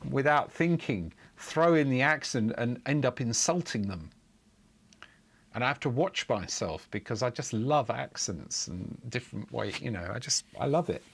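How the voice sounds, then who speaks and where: A man's voice: mid-range voice, a bit bright. A middle-aged man streaming live coding, talking in a rambling, chuckling way with lots of fillers and restarts, and muttering in exasperation while he debugs. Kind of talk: casual live-stream chat.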